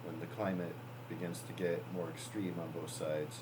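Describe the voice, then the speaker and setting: A man narrating as game master of a tabletop role-playing game, relaxed and chuckling between lines. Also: low voice, moderate pace, noisy background.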